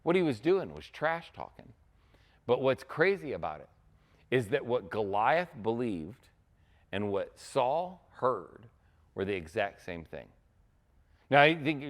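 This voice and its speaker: A man's voice: medium pitch, big pitch swings, unhurried. A man preaching a sermon as a pastor, in a casual, conversational way, often checking in with "right?".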